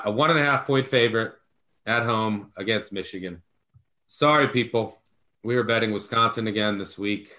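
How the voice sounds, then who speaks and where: A man co-hosts a sports betting podcast, where he works as a betting analyst. His mid-range voice has a sharp tone, and he talks emphatically with a jokingly apologetic edge in casual betting chat.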